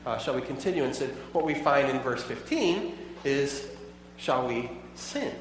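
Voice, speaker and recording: A man's voice: medium pitch, lively intonation, unhurried, a little hiss or hum. A pastor preaching a sermon in a conversational way, asking his listeners many rhetorical questions. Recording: echoey hall, voice from far off.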